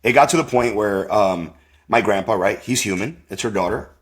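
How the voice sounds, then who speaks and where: A man, a podcast guest, tells a personal faith story in a rambling, animated way, with lots of fillers and acted-out quotes. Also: fairly low pitch, moderate pace. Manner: rambling, full of "like" and "you know"; animated, acts out quoted voices.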